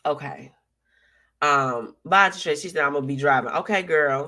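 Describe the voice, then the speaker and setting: A woman's voice: sits low, normal speed, pushed and bright. A young woman hosting a live show, chatting casually and sassily while reading out viewer comments, with lots of slang and laughter.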